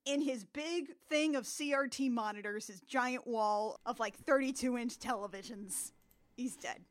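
A woman hosting a casual comedic podcast, recapping a film as an animated storyteller who laughs often. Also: fairly high pitch, unhurried.

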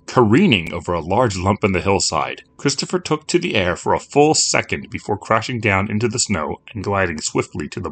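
Low, steady male storyteller reading a scripted narration with a faint hiss behind him.

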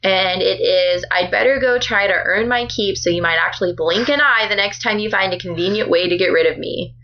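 A woman co-hosting a casual book podcast, chatty and quick to laugh, often reading from her notes. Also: mid-range voice, lo-fi sound. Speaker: podcast co-host.

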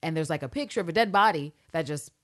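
On a casual podcast recap, a female co-host with a notably low voice talks loosely and animatedly. She swears freely and drops into quick impressions of the characters.

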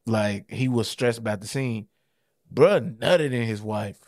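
A man's voice: mid-range voice, unhurried, a little mellow, no echo, studio quality. A man co-hosting a podcast in casual chat, chiming in with short, teasing remarks. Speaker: podcast co-host.

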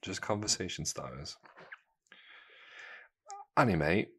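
Very low-voiced man chatting. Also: lively intonation, takes it slowly, noisy background. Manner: rambling, playful, teasing. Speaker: podcast host. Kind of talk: casual chat.

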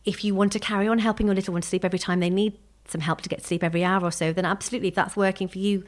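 A woman's voice: medium pitch, steady tone, rapid-fire. A woman sleep consultant and parent, explaining in a chatty, evidence-focused way in a podcast interview. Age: adult parent.

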